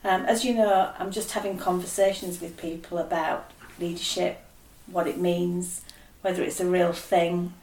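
A woman's voice: on the low side, level tone, moderate pace, darkish tone, roomy sound. A middle-aged woman with a Yorkshire accent, hosting a podcast interview in a chatty, upbeat way. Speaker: podcast host.

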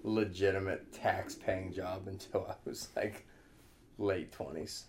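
A man's voice: deep voice, steady tone, takes it slowly, background noise. A man in his thirties, a podcast guest, chatting casually in a laid-back way, swearing and laughing often. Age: 30s. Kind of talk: casual chat.

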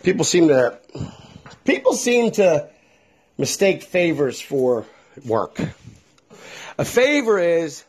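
A middle-aged man talks straight into his own podcast, blunt and profane. His voice sits a little high and swings widely in pitch. The tone is husky and rough. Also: very animated, slow, long pauses, darkish tone. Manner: blunt and profane, with a lot of feeling. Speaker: podcast host. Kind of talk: candid solo podcast monologue.

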